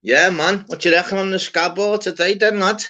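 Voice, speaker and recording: A man's voice: sits high, fairly even intonation, brisk, pushed and bright. A man hosting an open-panel live stream, chatting casually with slangy, swearing banter. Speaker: livestream host. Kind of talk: casual chat. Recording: dull lo-fi stream audio.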